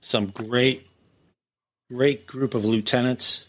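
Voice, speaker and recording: Man, middle-aged, ex-corrections officer, casual interview, profane, animated storyteller. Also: mid-range voice, takes it slowly. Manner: animated, profane, acts out quoted dialogue. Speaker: interview guest, former prison captain.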